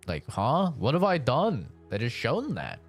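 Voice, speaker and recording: A young man chats casually while streaming a game, telling stories with sarcastic laughter. He talks slowly, his low voice rising and falling a lot. Faint music plays under him. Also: huge pitch swings. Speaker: livestream gamer.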